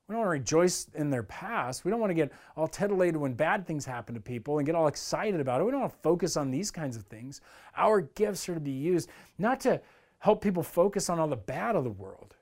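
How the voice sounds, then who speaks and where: A man's voice: fairly high pitch, expressive, fairly quick, a little mellow. A man giving a sermon as pastor, in an earnest, conversational way, now and then acting out what others might say. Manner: earnest, conversational preaching that acts out quoted complaints.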